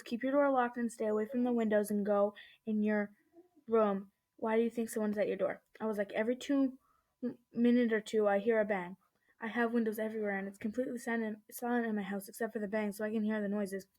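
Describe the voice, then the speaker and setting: A woman's voice: mid-range voice, level tone, fast, darkish tone. A woman telling a storytime vlog at home into a laptop webcam mic, still shaken, rambling through it with lots of "I was like" and nervous restarts. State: shaken and uneasy. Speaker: vlogger. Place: indoors at home.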